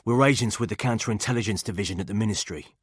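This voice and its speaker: Guy doing a scared estuary-accent spy bloke, begging, high and strained, audiobook. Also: very fast, slightly rough, no echo, studio quality. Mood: urgent. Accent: Thames Estuary. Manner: pleading, panicky. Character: frightened English male intelligence agent.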